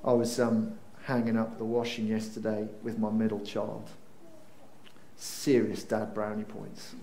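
A man preaching a lively sermon, swinging between excited bursts and hushed, slowed moments. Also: lowish voice, a little hiss or hum. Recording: roomy echo.

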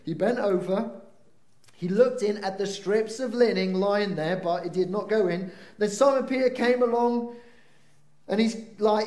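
A man preaching a lively sermon, swinging between excited bursts and hushed, slowed moments. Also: sits high. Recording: roomy echo.

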